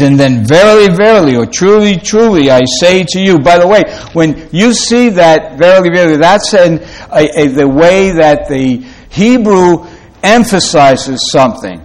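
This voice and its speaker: Slow, halting male preacher. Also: a little high, animated. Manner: slow, halting delivery with many fillers and restarts. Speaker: pastor. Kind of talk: sermon.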